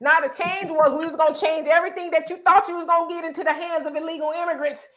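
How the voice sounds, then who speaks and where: A woman hosting a podcast, giving casual political commentary in a blunt, profane, animated way. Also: very high voice, quick pace. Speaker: podcast host.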